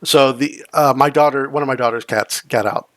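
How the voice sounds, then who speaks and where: A man's voice: mid-range voice, normal speed, fairly bright tone. A man running a tabletop game, rambling through a family story before play. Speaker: game master. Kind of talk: tabletop role-play chat.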